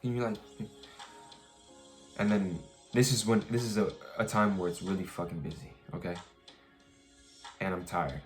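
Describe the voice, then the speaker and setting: Deep-voiced man venting in a vlog. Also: fairly even intonation, normal speed, pauses often, faint music behind. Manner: rambling, restarts, swears, firm retelling. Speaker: vlogger. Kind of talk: casual storytelling vlog.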